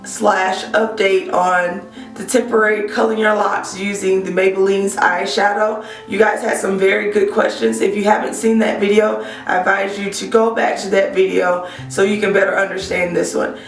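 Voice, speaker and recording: A woman's voice: mid-range voice, flat delivery, moderate pace, far from the mic. A woman vlogger with a cold gives a casual product review, her voice scratchy as she talks straight to viewers. She speaks a little away from the mic in a roomy space. Faint guitar music plays underneath. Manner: chatty, addresses viewers directly, frequent ums. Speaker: hair care vlogger.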